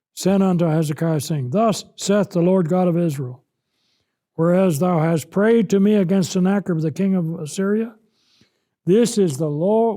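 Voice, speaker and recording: A man preaching a Bible lesson, emphatic, reading scripture aloud and acting out the words of God with rising force. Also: high-pitched. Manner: slow, emphatic, rises loud when voicing God.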